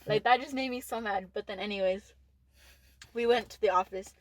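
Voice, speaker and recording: A woman's voice: mid-range voice, a little fast. Chatty teen woman telling a story. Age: teens. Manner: candid, swears freely, many "like" fillers. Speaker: podcast co-host. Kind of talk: casual storytelling chat.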